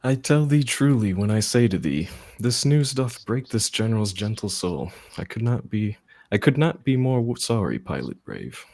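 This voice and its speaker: A man's voice: on the low side, very animated, normal speed, darkish tone. A man reading a kindly rebel general in Shakespearean-style verse. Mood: solemn.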